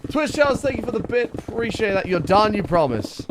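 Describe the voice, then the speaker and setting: A man's voice: high voice, big pitch swings, fairly quick, noisy background. A man streaming a video game, chatting animatedly with viewers, reading their messages aloud and swearing casually. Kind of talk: casual live gaming commentary. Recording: music playing behind.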